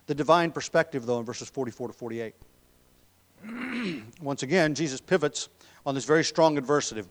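A man preaching an expository sermon as a pastor, emphatic on key words, with frequent ums and throat clearing. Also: on the high side, lively intonation, a little fast.

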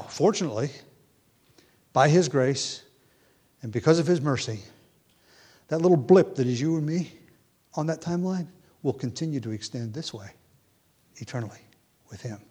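A man's voice: medium pitch, moderate pace, long pauses, warm tone, slightly rough. A man preaching an expository Bible lesson, explaining step by step with small fillers and restarts, and reading quotations aloud with rising emphasis.

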